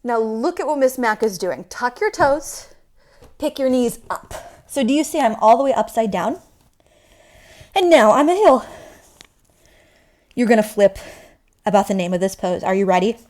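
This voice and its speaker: A woman's voice: on the high side, normal speed, long pauses. Playful woman leading kids yoga. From Michigan. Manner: playful, animated, talking to small kids. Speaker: yoga teacher for young children.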